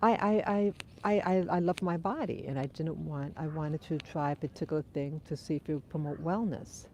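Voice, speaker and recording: A woman with a lowish, mellow voice talks thoughtfully into her phone while out walking her dogs. She has a runny nose and answers viewers' comments in an easygoing live-stream chat. Faint outdoor ambience sits behind her. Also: normal speed, a little hiss or hum. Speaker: livestream host. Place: outdoors on a dog walk.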